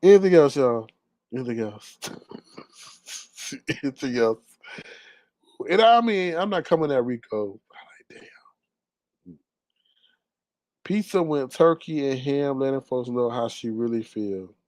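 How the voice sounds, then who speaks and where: A man's voice: medium pitch, expressive, unhurried, pauses often, a little mellow, no echo. A young man talks through gossip in a casual, sassy commentary, laughing at his own jabs. His voice sits in the middle range. The sound is dry and close. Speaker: commentary vlogger.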